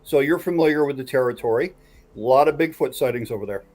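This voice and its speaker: A man's voice: medium pitch, quick pace, darkish tone, faint music behind. A man hosting a casual podcast chat who builds suspense as he tells a story. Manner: builds suspense while recounting a tale.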